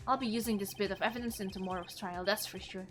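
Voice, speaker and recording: A woman streamer reading game dialogue aloud, expressive and animated, with casual asides. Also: medium pitch, quick pace, soft background music.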